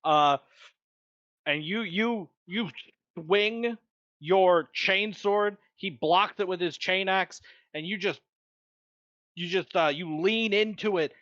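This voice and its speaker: A man narrates a tabletop game as game master, his voice bright and a little forceful. He lays out the combat vividly. The dull, dry recording sounds lo-fi. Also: sits high, slow, no echo.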